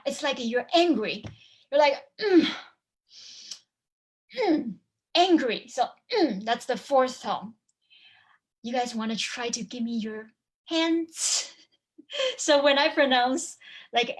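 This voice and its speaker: Slow-paced woman teaching over a video call. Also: a little high. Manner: lively, humming and singing examples, quizzing listeners. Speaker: language teacher and online course presenter. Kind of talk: live webinar talk with demonstration.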